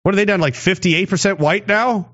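Male streamer, high voice, sarcastic rambling commentary, dull low-fi sound. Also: fairly quick, fairly bright tone. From Canada. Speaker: streamer reading chat. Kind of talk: casual livestream commentary.

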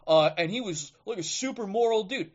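A man's voice: expressive, moderate pace, highs cut off. A man mockingly voicing a whiny objector who insists on exceptions, in a raised, sneering tone. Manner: mocking, high nasal whine.

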